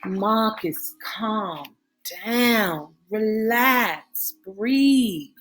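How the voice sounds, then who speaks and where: Lady doing a girlfriend voice, soft and hushing, quick to get sharp. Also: a little high, expressive, slight background noise, full character voice. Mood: soothing. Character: adult woman lover, soothing then sharp-tongued. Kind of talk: audiobook reading of a novel.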